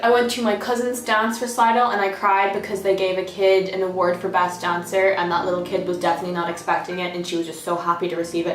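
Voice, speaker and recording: A woman's voice: lowish voice, fairly bright tone, roomy sound, far from the mic. A young woman talking casually to camera as a vlogger, emotional and self-mocking, with frequent swearing. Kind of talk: casual vlog chat.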